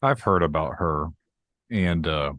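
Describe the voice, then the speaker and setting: A man hosting a podcast, talking in a relaxed, hesitant way with frequent hedging. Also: very deep voice, slow, dry recording. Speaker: podcast host. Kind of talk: casual podcast talk.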